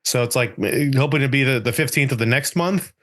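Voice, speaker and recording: A young man co-hosting a podcast in casual chat, joking and laughing often and acting out quoted lines in a higher voice. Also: a little fast, a bit bright. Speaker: podcast co-host.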